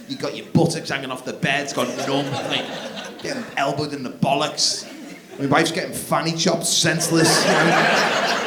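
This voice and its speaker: A man doing live stand-up comedy on a theatre stage, swinging from mumbled asides to shouted outbursts. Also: a little high. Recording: roomy live theatre recording with crowd. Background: laughing audience.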